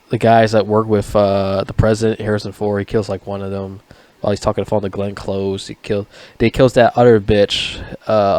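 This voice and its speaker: A man's voice: fairly low pitch, darkish tone, dry recording. Rambling, foul-mouthed man reviewing a movie. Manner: rambling, profane, stumbling over words. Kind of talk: casual spoken movie review.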